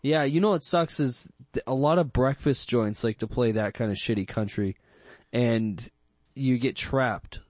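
A man co-hosting a casual comedy podcast, talking in an animated way and laughing often. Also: medium pitch, a little slow, no room sound.

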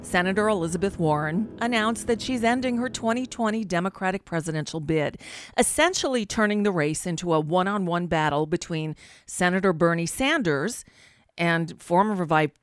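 A woman's voice: fairly low pitch, moderate pace, no echo. A woman hosting a live political talk show, chatty and informal, with offhand asides.

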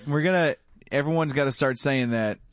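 A man's voice: medium pitch, a little fast, dry recording. A man co-hosting a podcast, telling rambling jokey stories in casual comedic banter. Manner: rambling, laughing storyteller. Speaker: podcast co-host.

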